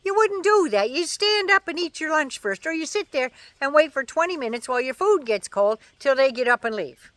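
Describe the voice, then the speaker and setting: A woman's voice: high-pitched, lively intonation, fairly quick, few pauses, fairly bright tone, no echo. Chatty woman vlogging outdoors. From Canada. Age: older. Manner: chatty, folksy and opinionated, with dry asides. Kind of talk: casual chat to camera. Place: outdoors at home, in the shade.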